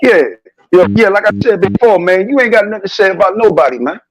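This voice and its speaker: A man's voice: high-pitched, fast talker, faint music behind, low-quality recording. Confrontational man ranting on a live stream. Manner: confrontational, preachy street talk. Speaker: guest on a live stream show. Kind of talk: heated live stream rant.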